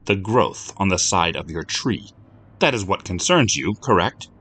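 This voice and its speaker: A man's voice: low-pitched, animated, a little slow, fairly bright tone, slightly rough, exaggerated voice. A man reading a story, voicing an aloof, haughty stranger who talks down to children. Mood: condescending. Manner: condescending, annoyed with children. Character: haughty, aloof man in an odd little car.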